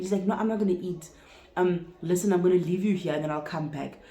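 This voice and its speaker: A young South African woman with a Sesotho-speaking accent, telling a storytime vlog in a casual, animated way, swearing freely and acting out both sides. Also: on the low side, quick pace, roomy sound. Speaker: vlogger.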